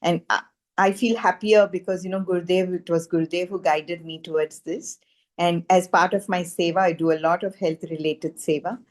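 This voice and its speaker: Woman, slightly low voice, earnest animated testimonial, lots of "you know". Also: moderate pace. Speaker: frequency healing practitioner. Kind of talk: personal testimonial storytelling.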